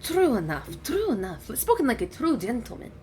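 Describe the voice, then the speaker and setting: A woman's voice: a little high, huge pitch swings, breathy edge, voice pushed up, heavily acted. A woman voicing Turquoise, a regal ancient dragon. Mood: stately. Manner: stately, measured, gently teasing.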